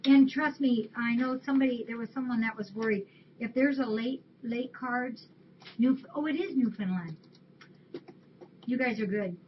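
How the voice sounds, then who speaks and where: A woman with a fairly high voice hosts a shelter webcam stream, speaking at a moderate pace as she reads holiday cards and thanks the viewers who sent them. The webcam audio is dull and lo-fi, with a little hiss or hum.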